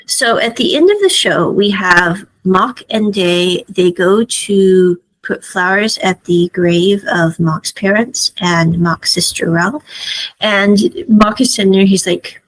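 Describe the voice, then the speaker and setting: A woman's voice: mid-range voice, slow, low-quality recording. A woman giving a casual, chatty spoken review of a drama series, retelling scenes with frequent asides.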